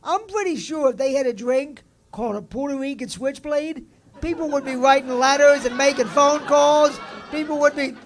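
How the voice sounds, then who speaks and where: A man hosting an open mic comedy night, telling jokes and working the crowd loudly before introducing the next comic. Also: extremely high pitch, normal speed. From Ireland. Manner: loud, upbeat crowd work. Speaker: host. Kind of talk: stand-up comedy and emceeing. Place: comedy club room with a live audience. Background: audience laughter and chatter.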